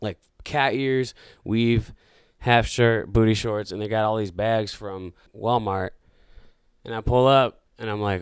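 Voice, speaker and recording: A man hosting a podcast, casually telling a story in a loose, profane, animated way full of acted-out dialogue. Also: on the low side, a little slow, clean tone, no echo, clean studio sound. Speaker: podcast host.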